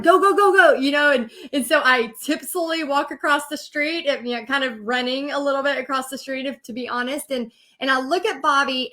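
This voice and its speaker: Bright, high-voiced woman telling her story. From Texas. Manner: emotional, animated storytelling with quoted inner voice. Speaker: host and business coach. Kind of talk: personal storytelling.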